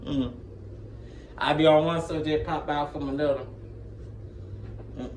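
This man's voice sits on the high side, with fairly even intonation, a measured pace, and a darkish tone over slight background noise. He's a gaming YouTuber chatting casually to his channel on a phone recording, rambling in slang, laughing a lot, and jumping between topics.

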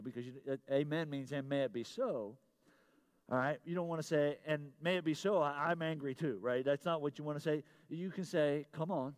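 A middle-aged man preaching a sermon as pastor, moving between loud emphatic lines and quiet confiding asides, repeating his key phrases. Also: fairly high pitch.

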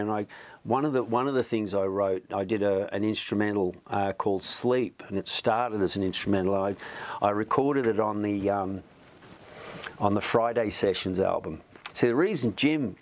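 A middle-aged man with a fairly low voice tells long, meandering stories in a relaxed interview. He stops and restarts often and keeps adding asides, the way someone talks while sitting in a music studio. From Australia. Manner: rambling, chatty, many restarts. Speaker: musician guest. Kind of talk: storytelling in an interview.

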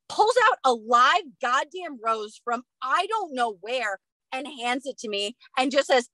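A woman guest on a podcast, telling a story in a casual, animated way with plenty of swearing. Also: sits high, moderate pace, dry recording. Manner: animated and expressive, swears freely. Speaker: guest, professional runner.

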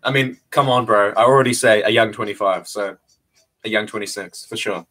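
A man in his twenties chatting casually to his viewers in a vlog, playful and quick to laugh. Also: fairly low pitch, a bit bright. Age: 20s. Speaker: vlogger.

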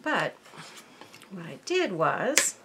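A woman's voice: fairly low pitch, sing-song, drawn-out words, sharp tone, a little hiss or hum. A woman hosting a casual crafting tutorial at her workbench, chatting to viewers and thinking aloud as she works. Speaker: crafting channel host.

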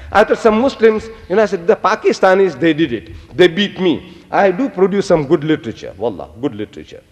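An older man giving an animated public lecture, telling stories and quoting Arabic phrases. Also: high voice, in a large hall.

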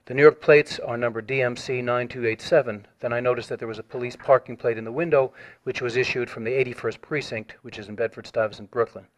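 A man's voice: mid-range voice, fairly even intonation. A man on a recorded phone call, formally reading out a written complaint and pressing his point. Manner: measured, formal, reads a written statement.

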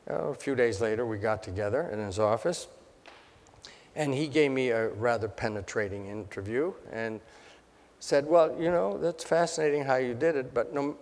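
Older male storyteller, self-mocking and wry, reverberant ballroom sound. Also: mid-range voice. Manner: self-deprecating, wry, acts out quoted voices. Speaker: speaker telling his story. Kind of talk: anecdotal storytelling talk. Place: hotel ballroom. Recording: long hall reverb.

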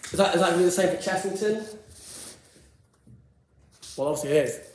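Giggly, excitable guy in an echoey room. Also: sits high, fairly quick, slight background noise. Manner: excitable, giggly, jumps between topics. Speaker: vlogger. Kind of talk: casual rambling commentary.

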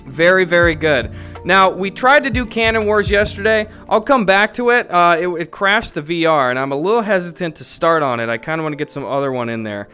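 High-voiced, profane male streamer. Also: animated, brisk, soft background music. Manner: loud, profane and jokey. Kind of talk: casual livestream chat.

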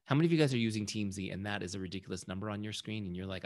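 A man with a fairly low, gravelly voice leads a casual training session. He talks in a relaxed, conversational way and acts out the lines he quotes. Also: racing.

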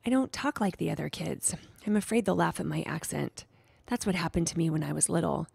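A woman's voice: sits low, a little fast, vocal fry, husky, dry recording, full character voice. A woman doing a shy whispering schoolgirl. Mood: hushed. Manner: whispering, hushed. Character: shy young schoolgirl, soft-spoken.

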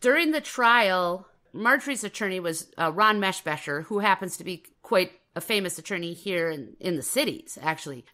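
A woman from Minnesota, co-hosting a casual true-crime podcast and telling the story in an animated way, repeating phrases for effect. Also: on the low side, moderate pace, hardly any pauses. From Minnesota, USA. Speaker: podcast co-host.

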